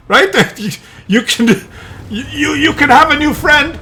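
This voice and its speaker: A man vlogging, telling a comic story to camera in an exasperated, animated way with many restarts. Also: very high voice, moderate pace, a little hiss or hum.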